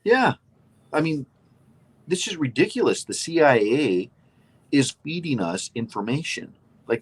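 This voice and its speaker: A man's voice: mid-range voice, husky. A man co-hosting a casual political chat show, emphatic and opinionated, rambling with restarts. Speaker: co-host.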